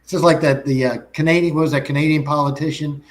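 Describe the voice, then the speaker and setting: A man's voice: on the high side, fairly even intonation, fast, rough recording. Rambling man talking shop. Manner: rambling, frequent restarts and self-corrections. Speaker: guest. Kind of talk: casual chat.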